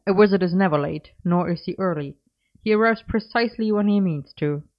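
A woman voicing a cheeky, excitable young male wizard who talks in a bright, insistent, playfully bossy way. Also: lowish voice, moderate pace, natural voice. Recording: dull lo-fi recording.

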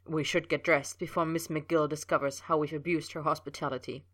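A woman's voice: deep voice, flat delivery, brisk, no echo, studio quality. A woman reading aloud plays a guarded, stiff older man. She drops her voice a little and keeps each reply clipped and restrained. It is a story read aloud.

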